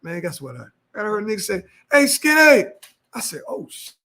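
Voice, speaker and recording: High gravelly DC man telling stories. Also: fast. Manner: animated street slang, acts out quoted voices. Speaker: podcast storyteller. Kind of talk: casual storytelling chat.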